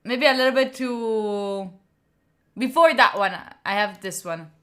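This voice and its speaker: A woman's voice: on the high side, measured pace, bright, forceful tone. A woman from Italy hosting a study live stream, chatting playfully with her viewers, laughing and swearing often. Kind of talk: casual live-stream chat.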